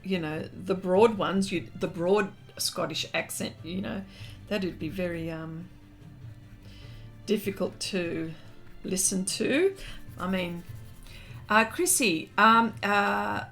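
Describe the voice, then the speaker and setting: A woman's voice: mid-range voice, expressive, takes it slowly, pauses often, a bit bright. Australian woman, livestream host, casual chat, reads comments aloud, faint music behind. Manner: chatty, reads comments aloud with frequent fillers and laughs.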